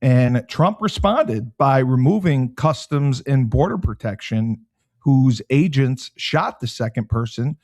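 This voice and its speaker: Brief: male talk show host, mid-pitched, steady reading tone for news recaps, dry close sound. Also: slow, dry recording.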